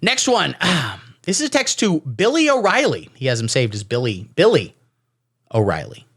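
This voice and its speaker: A man's voice: fairly high pitch, huge pitch swings, moderate pace, a bit bright, husky. A man giving sarcastic, rambling comedy commentary as he reads out texts, slipping into silly voices for the quotes. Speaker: comedy streamer. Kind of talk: satirical commentary reading texts.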